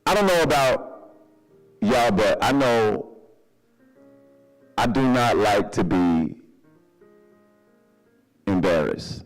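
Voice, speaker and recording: A man preaching a sermon in a church, animated and humorous, calling for responses from the congregation. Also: fairly low pitch, slow, pauses often, faint music behind. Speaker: pastor. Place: church sanctuary.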